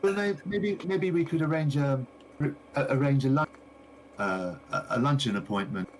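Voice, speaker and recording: A man voicing a fussy middle-aged village shopkeeper woman, chattering and repeating himself in a raised falsetto. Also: normal speed, a little hiss or hum, close to an everyday voice, low-quality recording. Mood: prying.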